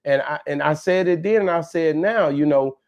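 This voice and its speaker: A man with a slightly high voice talks easygoing and unhurried, restarting his sentences as he thinks them through. The audio is a bit dull and lo-fi. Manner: relaxed, hesitant with repeated starts. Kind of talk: casual chat.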